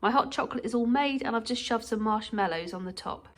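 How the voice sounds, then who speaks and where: A woman's voice: on the high side, quick pace, noisy background. Chatty woman vlogging at home. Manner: chatty, talks straight to viewers. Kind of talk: casual vlog chat. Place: home and garden greenhouse.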